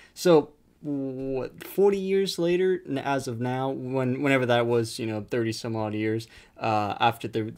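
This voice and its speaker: A young man hosting his own video, talking casually about a cheap movie with lots of swearing, laughs and fillers. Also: mid-range voice. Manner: animated storytelling, frequent swearing and fillers. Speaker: video host reviewing a movie. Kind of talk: casual profane movie talk.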